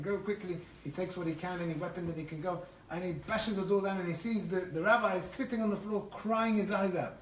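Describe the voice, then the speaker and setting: A man giving an animated storytelling lecture as a Torah teacher, often restarting his phrases. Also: high voice, a little fast, few pauses. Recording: echoey room, far from the mic, faint noise.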